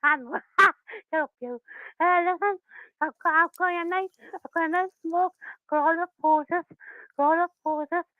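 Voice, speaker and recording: A woman's voice: extremely high pitch, unhurried, no room sound, phone-quality sound. A woman calling in to a radio phone-in, rambling and repeating herself. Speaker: caller. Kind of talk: phone-in call.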